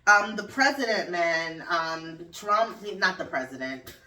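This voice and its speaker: Animated, swearing woman podcast host. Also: fairly low pitch, a little slow, recorded from a distance. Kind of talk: casual solo chat. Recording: roomy echo, off-mic.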